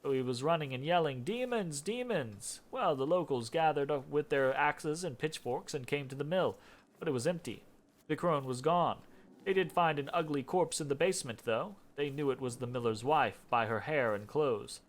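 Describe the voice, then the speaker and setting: A man reading in-game lore aloud as a storyteller, expressive, with casual asides between passages. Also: fairly high pitch, normal speed. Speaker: gameplay narrator.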